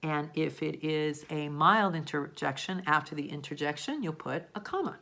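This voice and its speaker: A woman's voice: deep voice, normal speed, creaky. A woman teaching a grammar lesson, explaining patiently step by step and checking in often. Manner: acts out example sentences with lively emphasis.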